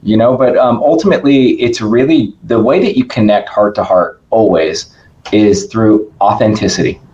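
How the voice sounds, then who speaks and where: An emphatic man speaks in a low voice as a podcast guest. He keeps it casual and energetic and often checks in with "right?". The audio is dull and lo-fi, like a remote call. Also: moderate pace. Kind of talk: casual interview conversation.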